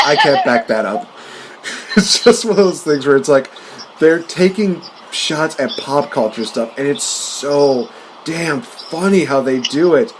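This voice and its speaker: Male podcast host, casual and giggly, middle pitch, faint background hiss. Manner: laughs often while retelling comedy scenes; quick to slip into playful quoted voices. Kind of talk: casual chat.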